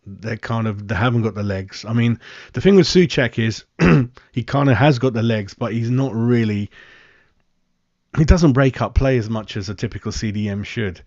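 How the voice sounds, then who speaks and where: A man hosting a live-stream football fan show, chatting in a rambling way, answering viewers' comments and calling everyone mate, often clearing his throat. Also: mid-range voice, moderate pace, darkish tone, dry recording, highs cut off. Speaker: football fan channel host.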